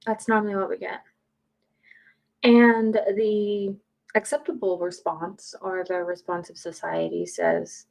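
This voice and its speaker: Casting: outspoken woman streamer, gravelly edge, casual and profane. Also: medium pitch, steady tone, unhurried, darkish tone, poor audio. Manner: blunt, swears freely, chatty and opinionated. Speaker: streamer, podcaster. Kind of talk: casual live-stream chat. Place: home.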